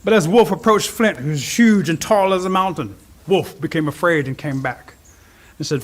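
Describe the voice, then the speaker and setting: Male storyteller, high voice, animated oral telling of a folk tale. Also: normal speed. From Cherokee Nation. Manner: animated, expressive.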